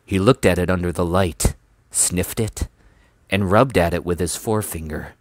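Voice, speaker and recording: A man reading a children's novel aloud in a measured, even way. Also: low-pitched, no room sound, clean studio sound. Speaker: storybook reader.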